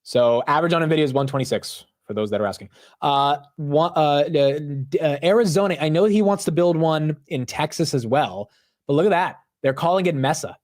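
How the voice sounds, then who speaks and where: A man hosting a live market stream, talking loudly and animatedly in casual commentary, often poking fun at himself. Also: fairly high pitch, fairly quick. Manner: loud, animated, self-mocking. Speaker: livestream market show host.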